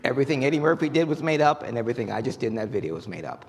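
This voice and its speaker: A man's voice: medium pitch, sing-song, rapid-fire, vocal fry. Man hosting a live variety show. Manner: joking, introduces guest with hype. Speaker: show host. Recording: long hall reverb, faint noise.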